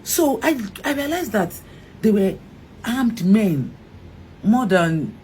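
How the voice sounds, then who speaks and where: Animated Nigerian woman retelling an ordeal. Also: mid-range voice, slow, slight background noise. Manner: animated, acts out quoted dialogue, frequent restarts. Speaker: actress and interview guest. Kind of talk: emotional storytelling interview.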